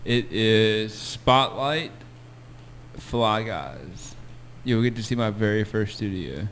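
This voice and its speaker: A man in his thirties chatting casually on a podcast in a relaxed, reminiscing way, with some hesitations. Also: on the low side, slow, slight background noise. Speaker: podcast co-host. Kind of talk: casual chat.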